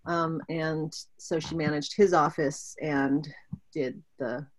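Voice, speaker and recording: A woman's voice: low-pitched, fairly even intonation, slow pace. A woman from Pittsburgh, Pennsylvania, talking casually as an interview guest, chatty with frequent ums.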